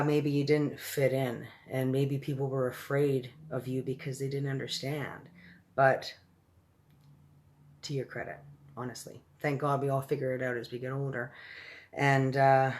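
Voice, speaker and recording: Earnest middle-aged woman, halting and heartfelt. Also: rumbling low. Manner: earnest, reflective, speaks in halting restarts. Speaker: host of an online reading show. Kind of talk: casual heartfelt chat to viewers.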